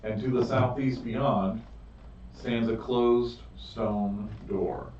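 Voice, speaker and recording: A male game master reads out scenes in a slow, deliberate way. He sounds distant from the mic, in a roomy space with a dull, muffled tone. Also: mid-range voice, steady tone, darkish tone, a little hiss or hum. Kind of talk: narrating a tabletop game. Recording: echoey room, far from mic, dull.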